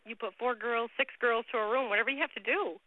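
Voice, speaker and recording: A woman's voice: on the high side, quick pace, sharp tone, no room sound. A woman telling a personal story on a conference call over a phone line, earnest and emotional. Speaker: caller sharing a story.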